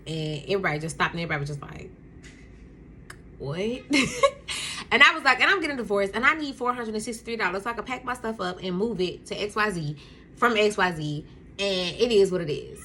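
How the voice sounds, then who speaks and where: Animated young woman telling a story. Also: medium pitch, a little fast, slight background noise. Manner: animated, acts out quotes, laughs often, addresses viewers as y'all. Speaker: storytime vlogger. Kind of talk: casual storytelling to camera. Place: home room with a Christmas tree.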